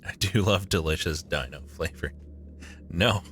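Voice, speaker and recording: A man's voice: low voice, a little slow, fairly bright tone, a little hiss or hum. A young man streaming a game live, chatting with his viewers, swearing often and joking sarcastically.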